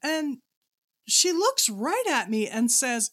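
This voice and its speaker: A woman's voice: high-pitched, big pitch swings, slow, fairly bright tone. A woman co-hosting a casual podcast chat, animatedly telling a spooky story and acting out the dialogue. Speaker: podcast co-host.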